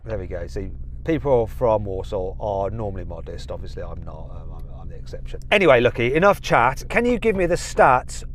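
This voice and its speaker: A man's voice: lowish voice, sing-song, brisk, slight background noise. A middle-aged man presenting a car show in a jokey, self-mocking, chatty way from inside a car. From England. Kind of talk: jokey car review chat.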